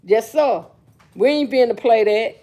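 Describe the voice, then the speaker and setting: Middle-aged woman, livestream host; brash slangy storyteller, pitched a little high. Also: unhurried, dark tone. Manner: blunt, sassy storytelling with slang. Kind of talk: casual livestream chat.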